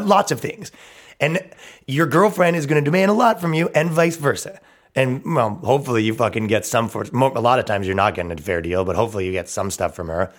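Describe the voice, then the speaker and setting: A man hosting a comedy podcast, ranting in a brash, mocking and profane way. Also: mid-range voice. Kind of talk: crude ranting podcast talk.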